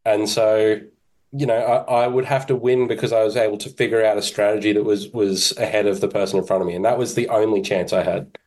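A man, a podcast guest talking in a relaxed, self-deprecating way with halting restarts. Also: lowish voice. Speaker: podcast guest, kettlebell instructor. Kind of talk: casual interview chat.

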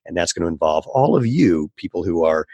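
A man's voice: low voice, expressive, warm tone, slightly rough, no echo. A man hosting a podcast, chatting casually and joking with his guest. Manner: jokey, quick, laughs often. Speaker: podcast host. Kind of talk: casual interview chat.

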